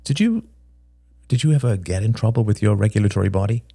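A man voicing an anxious young adult son who stammers and talks in halting bursts. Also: lowish voice, lively intonation, vocal fry, mellow, husky, dry recording, studio quality, pitched above the performer's own voice, exaggerated voice. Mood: nervous.

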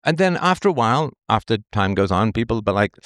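Low-voiced rambling male commentator. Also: sing-song, fairly quick, fairly bright tone, no echo, studio quality. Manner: rambling, repetitive, emphatic; dismissive asides. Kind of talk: opinion monologue.

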